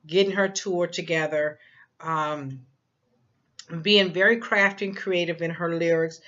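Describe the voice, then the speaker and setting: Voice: medium pitch, fairly bright tone, dull audio. A psychic reader giving a casual spoken prediction, rambling and emphatic, with many fillers and repeated phrases.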